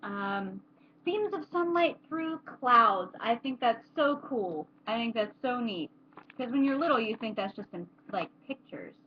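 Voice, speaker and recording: A woman's voice: on the high side, expressive, unhurried, muffled recording, slight background noise. A young adult woman chatting casually to camera in a rambling way, with many fillers. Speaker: vlogger.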